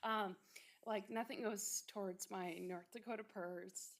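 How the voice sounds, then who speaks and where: A nervous young woman at a podium microphone, near tears as she speaks. She hesitates often, with pauses and fillers, and her voice sits at a middle pitch. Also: steady tone. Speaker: school district employee giving public comment. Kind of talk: public comment at a board meeting.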